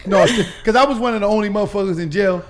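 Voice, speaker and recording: A middle-aged man tells a story in casual chat. His voice sits fairly high for a man. He laughs often, curses freely and stumbles into quick repeats. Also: slight background noise. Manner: animated, laughing, profane, stammering repeats.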